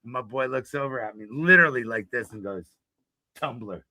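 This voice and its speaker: A man's voice: medium pitch, brisk, pushed and bright, dry recording. A man guest telling a rowdy road-trip story in casual chat, swearing and laughing freely. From Florida. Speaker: blues musician guest.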